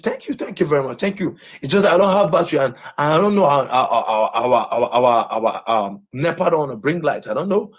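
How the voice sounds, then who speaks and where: A man's voice: a little high, husky. A Nigerian man ranting on a livestream, agitated and repeating the same phrases over and over.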